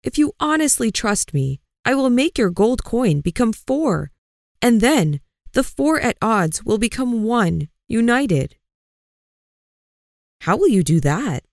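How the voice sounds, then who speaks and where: A woman voicing a wise old male sage in a storybook reading, speaking with calm authority. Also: on the high side, slow, no echo, clean studio sound, voice pushed up, heavily acted. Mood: assured.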